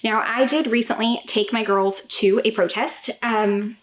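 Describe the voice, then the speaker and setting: Emphatic woman with a higher voice. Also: measured pace. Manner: emphatic, addresses the viewer with repeated "okay?". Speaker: homeschooling parent vlogger. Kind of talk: direct-to-camera talk.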